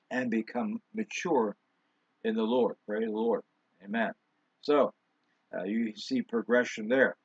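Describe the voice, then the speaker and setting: A male pastor delivers his sermon in a relaxed, conversational manner, stopping for asides and fillers. His voice is slightly husky and sits in a middle range. The recording is dry and dull, with little top end. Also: mid-range voice, no room sound. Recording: dull, lo-fi sound.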